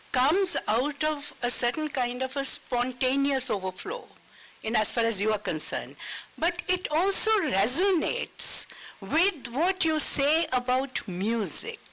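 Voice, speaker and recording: Casting note: woman moderator, high voice that rises and falls, thoughtful and probing. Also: fairly bright tone, poor audio. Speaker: interviewer. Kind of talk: festival panel conversation.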